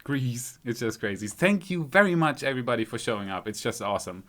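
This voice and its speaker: A man's voice: medium pitch, lively intonation, a little fast, fairly bright tone. A man from Germany with a light German accent, hosting a casual live stream, thinking aloud as he fiddles with settings and reads out viewers' comments. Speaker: YouTube channel host.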